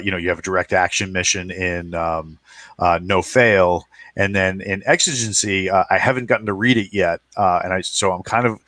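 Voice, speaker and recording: A man's voice: low-pitched, a bit bright, dry recording. A man chatting casually on a podcast, rambling with many fillers and restarts. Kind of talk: casual chat.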